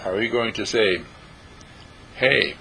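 Deep-voiced preachy man, bright and forceful. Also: animated, a little slow, slight background noise, low-quality recording. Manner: preachy, rhetorical questions, voices imagined listeners. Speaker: radio talk host and dean of a healing school. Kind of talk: spiritual talk monologue.

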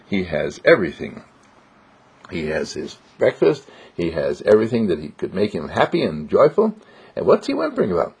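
Husky creaky-voiced man giving joyful affirmations. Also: deep voice, huge pitch swings, moderate pace, darkish tone. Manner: sing-song, joyful, repetitive affirmations. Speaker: inspirational speaker. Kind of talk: spiritual motivational monologue. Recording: dull lo-fi recording.

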